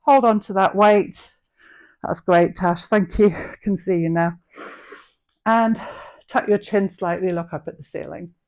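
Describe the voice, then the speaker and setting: A woman's voice: medium pitch, a little slow, pauses often, a little mellow. A middle-aged woman coaches an online dumbbell workout, calling out reps and form tips in an encouraging voice. She keeps a practical, friendly instructor's manner as she talks people through each move. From England. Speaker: fitness instructor.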